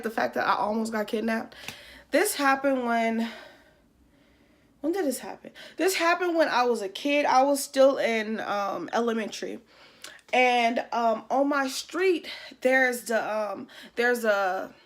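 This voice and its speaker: A young adult woman chatting to her viewers in a loose, casual story-time vlog. She swears freely and fills her talk with "like" and "um". Her voice sits a little high for a woman. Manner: chatty, profane, with many fillers. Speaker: YouTuber.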